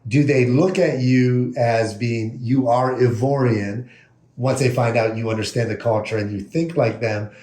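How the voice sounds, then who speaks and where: A man's voice: mid-range voice, steady tone, a little slow, a little mellow, reverberant. A man hosting a podcast, chatting casually and laughing through his stories. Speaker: podcast host. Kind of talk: casual interview chat.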